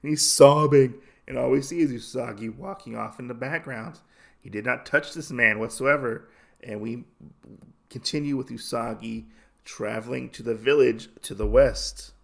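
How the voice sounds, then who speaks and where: A podcast host retells a comic in a loose, rambling style. His voice is mid-pitched with a gravelly edge. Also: moderate pace, fairly bright tone. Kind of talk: casual comic recap.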